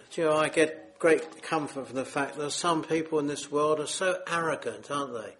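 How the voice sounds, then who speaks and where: A man's voice: on the high side, moderate pace, a bit bright, slight background noise. A man preaching a sermon, earnest and solemn, pleading with his listeners.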